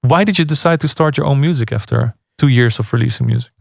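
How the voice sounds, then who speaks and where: A male radio host asks questions in a friendly, easygoing manner, often chiming in with agreement. His voice has a gravelly edge, and the studio sound is close and dry. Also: medium pitch, fast talker, no room sound. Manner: friendly, frequent backchannel agreement. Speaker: radio show host interviewing. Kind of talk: casual radio interview.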